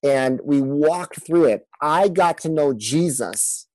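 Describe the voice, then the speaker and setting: A man, a pastor and guest on a podcast, telling a personal story in an earnest, halting way with many restarts. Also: a little high, animated, a little mellow, no room sound, rough recording.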